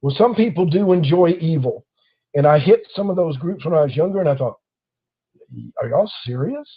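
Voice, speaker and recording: Husky man with a dull lo-fi sound. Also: on the high side, fairly quick. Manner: storytelling, acting out quoted people. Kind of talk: casual conversation. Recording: dull lo-fi audio.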